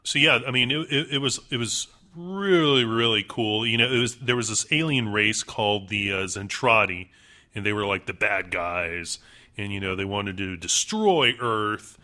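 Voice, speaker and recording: A man's voice: fairly low pitch, moderate pace, sharp tone. A man co-hosting a casual podcast chat, enthusiastic and full of fillers. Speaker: podcast co-host.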